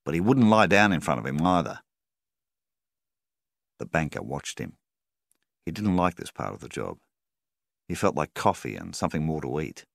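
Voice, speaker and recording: A man narrating a story in a measured, steady reading style. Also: extremely low pitch, gravelly, no room sound, clean studio sound. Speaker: audiobook narrator. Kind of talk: scripted narration.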